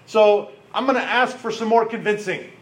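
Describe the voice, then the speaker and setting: A man's voice: high voice, moderate pace, lightly acted, poor audio. A man voicing Gideon as a doubtful, sarcastic young man who talks in a wry, hesitant way.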